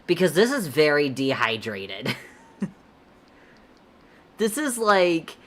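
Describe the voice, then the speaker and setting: Young woman artist streamer, very deep voice, slow easy delivery, giggly and rambling. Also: big pitch swings. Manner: laid-back, rambling, giggly, slangy. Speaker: artist streamer answering chat. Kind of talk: casual livestream chat while drawing.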